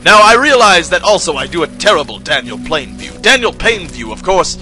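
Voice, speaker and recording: Excitable young man, bright voice. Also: fairly high pitch, fairly quick, faint music behind. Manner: swears often, excitable. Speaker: gaming commentator. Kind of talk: casual gaming commentary.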